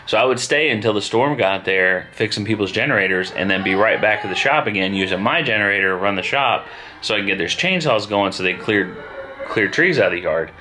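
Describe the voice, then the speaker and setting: A man, chatting casually at home as a family vlogger, relaxed and rambling. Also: fairly low pitch, brisk. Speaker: vlogger and father. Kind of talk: casual chat.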